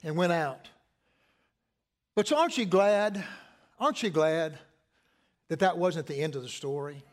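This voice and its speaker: A man's voice: fairly high pitch, lively intonation, a little slow. A middle-aged man preaching a sermon as pastor, conversational, repeating phrases and asking the congregation questions.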